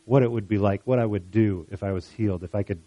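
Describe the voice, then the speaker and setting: A man preaching a sermon, retelling a Bible story in an animated way and acting out the voices of the people in it. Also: lowish voice, fast talker, highs cut off. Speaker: pastor.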